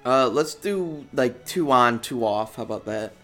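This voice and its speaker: Slow, bright, rambling fan-fiction reader. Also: mid-range voice, expressive, faint music behind. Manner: self-deprecating, rambling. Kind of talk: casual read-aloud with banter.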